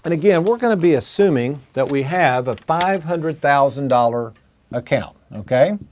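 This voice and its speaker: A man's voice: on the high side, animated, moderate pace, a little mellow, a little hiss or hum. A man hosting a finance show, explaining retirement math at a whiteboard in a folksy way, calling his audience folks and asking rhetorical questions. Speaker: financial advisor and show host.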